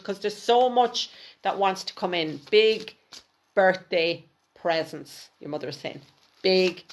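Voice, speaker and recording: A woman giving a live intuitive card reading, speaking to viewers by name, gently repeating words and trailing off into near-whispers. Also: fairly low pitch. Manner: chatty, addresses viewers by name.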